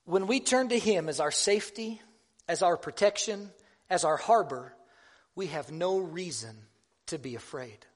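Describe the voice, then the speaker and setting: A man delivers a sermon in a high, light voice. He talks like he's chatting with friends, pokes fun at himself, and often stops to restart a thought. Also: expressive. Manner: conversational, self-deprecating, halting restarts. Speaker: preacher.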